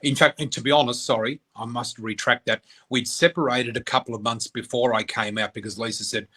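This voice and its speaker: A man's voice: medium pitch, steady tone, brisk, sharp tone, a little hiss or hum. A middle-aged man telling a personal story as an interview guest, candid and emotional, acting out the voices of people he quotes. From Australia.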